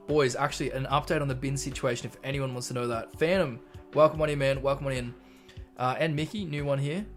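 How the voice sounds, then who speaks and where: This is a young Australian man chatting on a live stream. He reads his chat aloud and wanders into relaxed stories at a middling pitch. Soft music plays faintly behind him. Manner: chatty, reads chat messages aloud and rambles through anecdotes.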